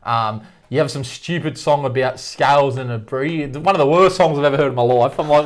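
A man's voice: mid-range voice, a little fast. A man co-hosting a casual movie ranking chat, bluntly ranting and laughing through his complaints. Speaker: co-host.

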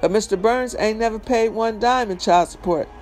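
A man's voice: high voice, moderate pace, darkish tone, soft background music. A man reading a memoir aloud in an emphatic, conversational storytelling manner. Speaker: reader.

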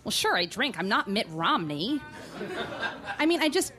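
An actress playing a woman who fakes being drunk to fit in, talking in halting, stammering bursts with overplayed slurring, in a live comedy sketch. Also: fairly high pitch, very animated, a crowd in the background. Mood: confessing.

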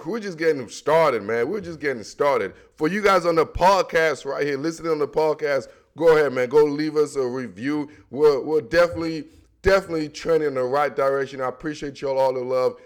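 A man from the Washington, D.C. area hosting a sports podcast, talking football in a loose, slangy, animated way and repeating himself often. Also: on the high side, a little fast. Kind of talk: casual sports talk.

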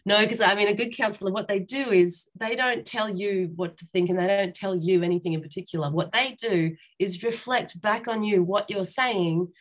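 A woman's voice: mid-range voice, moderate pace, hardly any pauses. A woman, a guest on an interview show, candidly telling a personal story in a frank, rambling way with many restarts.

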